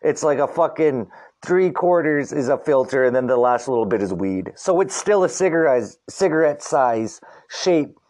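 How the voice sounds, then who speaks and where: A man's voice: medium pitch, expressive, normal speed, a little mellow. A middle-aged man hosting a podcast alone, ranting in a rambling, profane, slangy way, full of "dude" and "like". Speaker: podcast host. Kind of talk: casual solo podcast rant.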